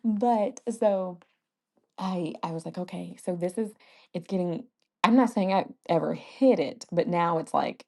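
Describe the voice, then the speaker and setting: A woman's voice: on the low side, measured pace, gravelly, darkish tone. A young woman hosting a podcast, chatting casually with many fillers and frequent laughs. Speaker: podcast host. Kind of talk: casual chat.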